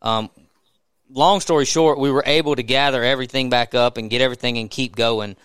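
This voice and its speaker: A man with a Southern US accent, a podcast host telling a story in a casual, animated way, often restarting his sentences. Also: medium pitch, brisk, clear, resonant tone, dry recording.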